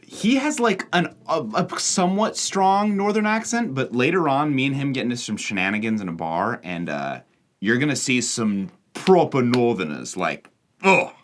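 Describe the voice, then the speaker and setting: A young American man hosting and narrating, explaining things with examples in an animated voice-over. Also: medium pitch, moderate pace, a little hiss or hum. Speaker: host and narrator.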